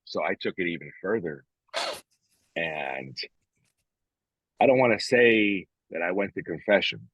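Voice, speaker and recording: A man's voice: low-pitched, unhurried, long pauses, breathy edge, no echo, dull audio. A man co-hosting a casual podcast, speaking frankly and reflectively, swearing freely and often restarting his sentences. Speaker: podcast co-host.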